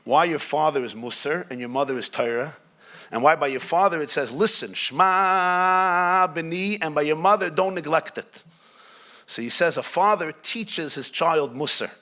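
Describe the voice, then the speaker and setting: A man's voice: on the high side, moderate pace, a bit bright. A man, a rabbi, giving a conversational Torah class, asking the audience questions and adding joking asides. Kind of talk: Torah class talk to a live group.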